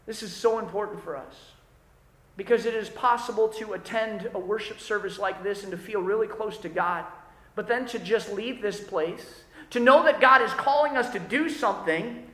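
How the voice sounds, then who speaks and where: Bright-voiced pastor preaching in an echoing church. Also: male voice, sits high, normal speed. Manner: conversational preaching with animated quoted voices. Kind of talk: sermon. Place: church worship service. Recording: roomy church hall.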